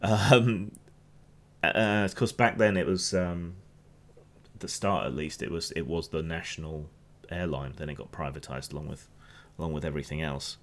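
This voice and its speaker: Host: Hampshire man, very low voice, loose rambling news commentary, lots of restarts. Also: normal speed, fairly bright tone, a little hiss or hum. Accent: Hampshire English. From England. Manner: rambling, restarts often, opinionated.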